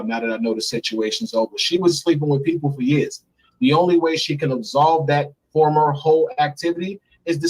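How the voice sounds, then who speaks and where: A man with a high-ish voice, heard over poor audio, is interviewed remotely as a guest. He tells a long personal story bluntly and emphatically, repeating words for stress.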